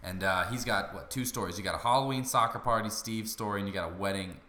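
A man hosts a casual podcast chat, running on through loose asides stuffed with "like". His voice is lowish but bright and forceful. The recording rings with the echo of a bare room. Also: quick pace. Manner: chatty, talks in loose run-on asides full of "like". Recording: echoey room.

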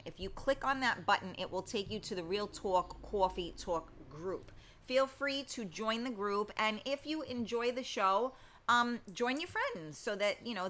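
A woman's voice: medium pitch, pushed and bright. Chatty woman hosting a live morning stream. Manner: chatty and blunt, greets viewers by name, cusses freely. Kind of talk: casual live-stream chat.

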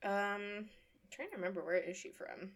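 A woman co-hosting a casual podcast chat, relaxed, laughing often and chiming in with short replies. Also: mid-range voice, moderate pace. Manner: relaxed, laughing, supportive interjections. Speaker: podcast co-host.

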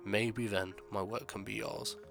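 A smirking old gentleman with a gravelly, low edge, courteous on the surface and quietly menacing underneath, as a horror narrator puts him on. His words come bright and forceful, with faint music behind. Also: steady tone, brisk. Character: aged sinister gentleman, smirking, soft-spoken.

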